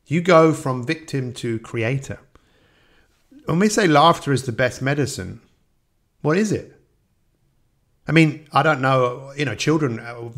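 Male podcast host, earnest rambling monologue, gravelly, chuckles often. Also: mid-range voice, a bit bright. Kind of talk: personal reflective monologue.

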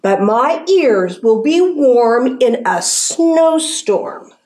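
Woman voicing a stubborn little male hedgehog, storybook reading, slow and earnest, lilting high voice. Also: lively intonation, darkish tone. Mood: defiant.

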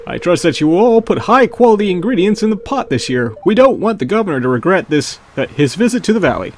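A man's voice: sits high, very animated, quick pace, pitched above the performer's own voice. A man voicing a jovial, folksy town mayor who announces the festival.

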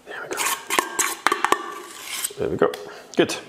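A man's voice: slow pace, heavy background noise. A Scottish man with a chatty, jokey manner, giving a casual cooking tutorial in a kitchen. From Scotland. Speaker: baking instructor.

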